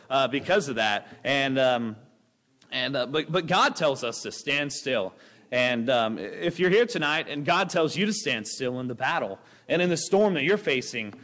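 Bouncy young guy giving a sermon, kinda all over the place, long reverb from the room. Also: on the high side. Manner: energetic, rambling, acts out voices. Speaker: preacher.

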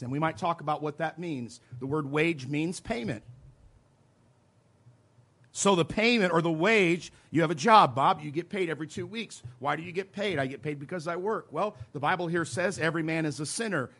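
A man preaching a teaching sermon, emphatic, slowing down to stress scripture phrases, with folksy asides. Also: on the high side. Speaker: preacher teaching soul-winning. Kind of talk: sermon teaching with role-played witnessing.

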